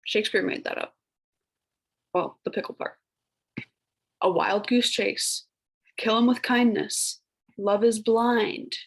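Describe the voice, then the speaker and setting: A woman's voice: medium pitch, fairly even intonation, slow pace, long pauses, slightly rough, rough recording. A young woman teacher, talking through a recorded lesson in a casual, chatty way with many filler words and playful put-on voices for old phrases. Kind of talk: recorded classroom lecture.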